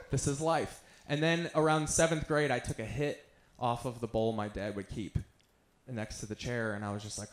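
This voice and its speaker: A man's voice: medium pitch, normal speed, reverberant. A man in his thirties doing stand-up, telling stories about himself in an offhand, self-mocking way. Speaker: stand-up comedian. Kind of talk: stand-up storytelling.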